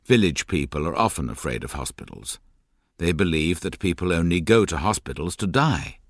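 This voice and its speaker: A man narrating a graded reader audiobook with clear, expressive delivery. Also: sits low, dry recording, studio quality. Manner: slow, clear, expressive reading.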